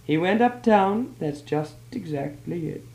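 A woman's voice: on the low side, lively intonation, a little slow, gravelly, warm tone. A woman voicing a sly male newsdealer who teases and strings the listener along. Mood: mocking. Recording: roomy old archive recording.

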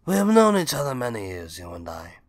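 A man reading an audiobook, voicing a proud older crime boss who speaks gravely, with a raised, forceful delivery. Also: medium pitch, wildly swooping pitch, a little fast. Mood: cold.

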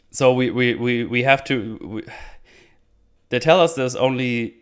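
Rambling man recapping a movie, smooth voice. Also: mid-range voice. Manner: rambling, laughs often, many restarts. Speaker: podcast host reviewing a movie. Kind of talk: casual solo movie recap.

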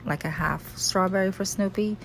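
A woman's voice: mid-range voice, normal speed, slight background noise. A woman in her thirties with a Jamaican accent, chatting casually through her morning kitchen routine as a vlogger. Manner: relaxed, chatty, explaining routine step by step. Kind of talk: casual vlog narration. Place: home kitchen.

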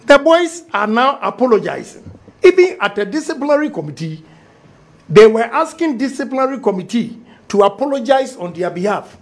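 A man with a Ghanaian accent speaking excitably about party politics, mixing English and Twi. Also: very high-pitched, moderate pace. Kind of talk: animated political talk.

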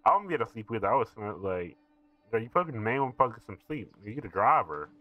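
A man hosting a reaction video, giving casual, profane commentary full of laughs and excited asides. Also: lowish voice, fast, lo-fi sound.

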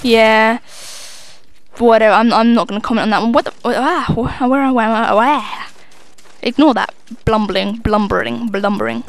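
A woman's voice: fairly high pitch, moderate pace, creaky, dry recording. A young woman giving live gameplay commentary, swearing freely and mocking herself as she plays. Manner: sweary, self-mocking running banter. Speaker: gamer commentator.

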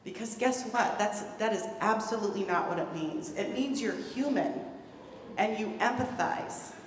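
Far from the mic in an echoey hall with a faint hum, a conference presenter delivers an earnest talk, emphatically stressing key words and repeating them. Her mid-range voice moves at a moderate pace.

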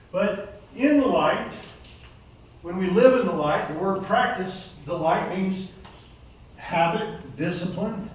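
A man's voice: fairly high pitch, a little hiss or hum. An older man preaching a sermon to a recovery program group, earnest and plain-spoken, rising to urgent exhortation. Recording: echoey room, voice from far off mic.

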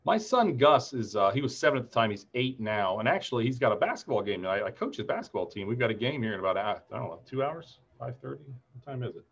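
A chatty, upbeat man in his forties walks through a market outlook on a webinar, with personal stories mixed into the charts. His voice sits at an ordinary middle pitch. The audio is slightly dull and lo-fi, as if it came over a video call. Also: big pitch swings, quick pace, a bit bright, husky. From Ohio, USA. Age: 40s. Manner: chatty, upbeat, tells anecdotes between chart talk. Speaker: market strategist presenter. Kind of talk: webinar presentation.

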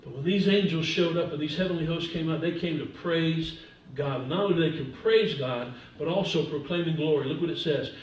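High-pitched male pastor, older, lively sermon, roomy church sound, far from the mic. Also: a little fast. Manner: animated preaching with humor, swinging from soft asides to loud emphasis. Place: church sanctuary. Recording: echoey church from a distance.

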